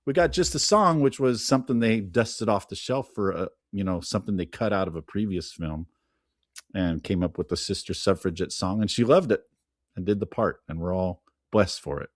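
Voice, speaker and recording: A man's voice: sits low, moderate pace, a little mellow, no echo, clean studio sound. A man chatting as a podcast guest, telling film trivia with enthusiasm. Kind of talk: casual chat.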